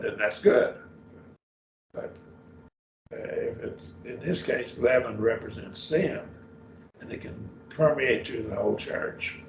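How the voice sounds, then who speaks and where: Older male preacher, gravelly and folksy. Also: mid-range voice, a little mellow, slight background noise. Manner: rambling, folksy, explains Greek word order. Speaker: preacher teaching a Bible class. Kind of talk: unscripted Bible lesson. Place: church meeting room. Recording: echoey distant room mic, dull sound.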